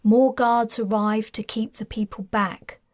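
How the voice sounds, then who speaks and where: A woman, the author, narrating her own science fiction novel in a steady, measured storytelling voice. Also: on the high side, no room sound, clean studio sound. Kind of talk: scripted audiobook narration.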